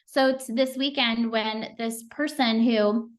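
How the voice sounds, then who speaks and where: A woman's voice: on the high side, steady tone, takes it slowly. Earnest, chatty middle-aged woman. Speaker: team leader speaking on a sales call. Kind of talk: motivational team call talk.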